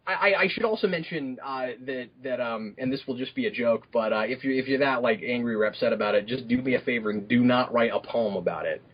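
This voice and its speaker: A young man chatting casually on a podcast, halting with many fillers and restarts. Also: mid-range voice, slightly rough, muffled recording. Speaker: podcast guest.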